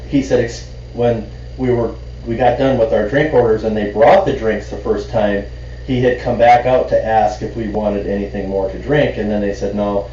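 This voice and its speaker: A man co-hosting a podcast, telling a story in casual chat with halting restarts that pick up when he's amused. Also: medium pitch, dark tone, echoey room, far from the mic, dull audio. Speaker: podcast co-host.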